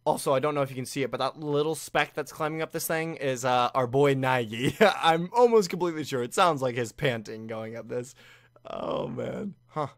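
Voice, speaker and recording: A man giving casual reaction commentary on an anime finale, excitable and often laughing. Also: mid-range voice, fairly quick, few pauses, dry recording, clean studio sound. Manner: excitable, laughing, with frequent restarts.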